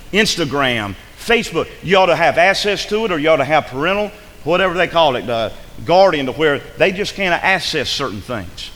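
A man preaching a sermon, lively and forceful, acting out the voices of the people he addresses. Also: fairly high pitch, long reverb tail, poor audio. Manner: animated preaching, acts out imagined voices. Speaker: pastor.

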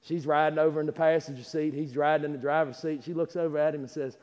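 A man preaching a sermon, who swings from loud climaxes to quiet asides and laughs while telling stories. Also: a little high, fairly even intonation, fast talker, few pauses. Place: church sanctuary. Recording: long hall reverb.

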